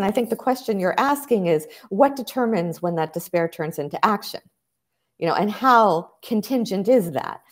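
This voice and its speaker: A woman historian answering interview questions in a measured, lecturing way, stressing her key points. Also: medium pitch, darkish tone. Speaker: historian guest.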